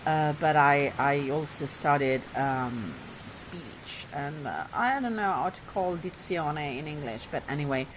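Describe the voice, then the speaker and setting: A woman's voice: low-pitched, animated, measured pace, hardly any pauses, noisy background. A woman from Bologna with a light Italian accent, chatting casually through a game with rambling, self-deprecating asides. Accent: Italian, slight Bolognese lilt. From Bologna, Italy. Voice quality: drama-school trained diction. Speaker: let's play host. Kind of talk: casual gameplay commentary.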